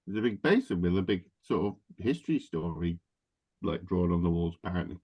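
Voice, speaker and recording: A man's voice: low voice, expressive, a little fast, mellow. A man playing his character in a tabletop game, talking in a casual, easygoing way. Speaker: player.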